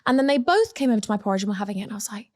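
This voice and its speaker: A woman's voice: mid-range voice, lively intonation, rapid-fire. A young woman, a guest on a parenting podcast, talking in a chatty, emphatic way and acting out little quotes. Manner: chatty and emphatic, repeats phrases, acts out quotes. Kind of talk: casual chat.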